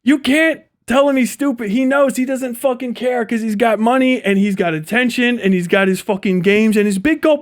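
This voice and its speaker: A man's voice: extremely high pitch, normal speed, hardly any pauses. A young man from Ohio ranting on a livestream, swearing constantly and laughing at his own jokes. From Ohio, USA. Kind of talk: profane live-stream rant.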